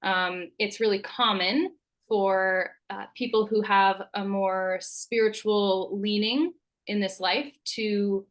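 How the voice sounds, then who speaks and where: Calm woman explaining as a guest. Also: medium pitch, slow pace. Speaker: naturopathic doctor guest. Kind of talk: interview answers.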